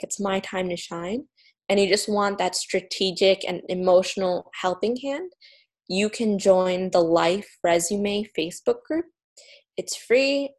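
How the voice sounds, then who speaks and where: A woman's voice: mid-range voice, a little mellow. A woman guest in an interview, talking about her work with earnest, upbeat energy. She stumbles into fillers and restarts now and then. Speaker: author and journalist guest. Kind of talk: promotional interview talk.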